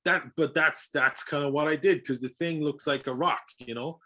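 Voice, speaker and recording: A young man guesting as a voice actor on a podcast speaks at a moderate pace with few pauses, his slightly high voice sharp in tone. He eagerly explains his craft through examples in casual chat, restarting often and using many fillers.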